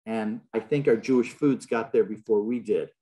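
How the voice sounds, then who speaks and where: A man's voice: fairly low pitch, normal speed, warm tone. A man giving an illustrated public lecture in a large hall, telling stories with a wry, joking manner.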